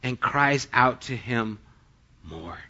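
Slow, bright-voiced male preacher. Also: medium pitch, animated, lo-fi sound. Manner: reads scripture aloud, then retells it in plain everyday speech. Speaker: pastor. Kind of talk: sermon.

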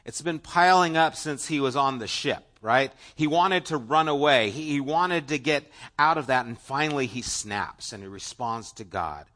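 Bright-voiced earnest male preacher. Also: lively intonation, normal speed, hardly any pauses. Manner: earnest, conversational preaching with many restarts and asides to the congregation; swings between emphatic loud phrases and hushed low asides. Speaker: pastor. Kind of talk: sermon.

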